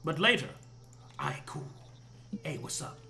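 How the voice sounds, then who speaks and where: A man voicing a laid-back male toad knight who talks in a hushed, lazy, slangy way. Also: a little high, sing-song, a little slow, full character voice.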